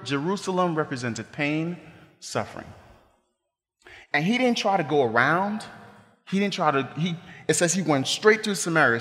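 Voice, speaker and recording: Lively preaching man in a reverberant hall. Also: fairly high pitch. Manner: animated preaching with asides and humor. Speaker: pastor. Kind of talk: sermon.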